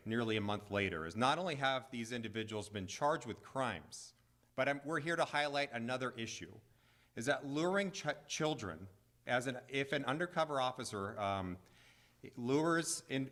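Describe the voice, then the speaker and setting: Firm county attorney, emphatic. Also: male voice, mid-range voice, fairly bright tone. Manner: firm, emphatic, with repeated points. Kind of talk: press conference statement.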